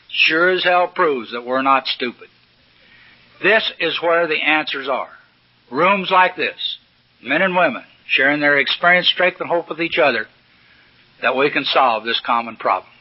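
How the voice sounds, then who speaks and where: An older man gives a recovery-meeting talk in a folksy, plain-spoken storytelling manner with salty humor. His voice sits a little high for a man. The recording is dull and lo-fi, like an old tape. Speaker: AA speaker. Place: meeting room at a podium.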